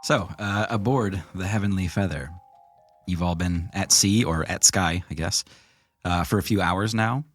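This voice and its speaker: Low-voiced man running a tabletop game. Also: dry recording, faint music behind. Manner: relaxed, halting narration with fillers. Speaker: game master.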